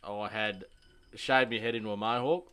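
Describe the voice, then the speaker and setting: A man's voice: on the low side, fairly even intonation, moderate pace, bright, forceful tone, clean tone. A young Australian man telling a rowdy pub story in casual chat, swearing heavily and acting out the lines he quotes. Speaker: podcast host.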